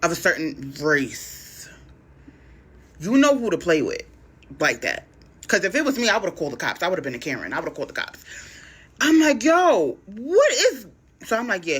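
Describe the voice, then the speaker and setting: A woman telling a dating story on a talk show, slangy and expressive, acting out both sides of each conversation. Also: sits low, breathy edge. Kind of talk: animated story time.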